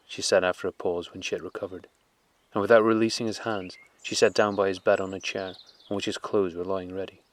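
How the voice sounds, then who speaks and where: A man narrating a classic novel as an audiobook in a measured, calm, unhurried way. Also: low voice.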